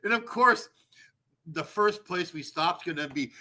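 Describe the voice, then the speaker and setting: A man hosting a show in a profane comedic rant, swinging into shouted bursts and drawn-out emphasis. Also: high-pitched, animated. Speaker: show host. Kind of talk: ranting comedic monologue.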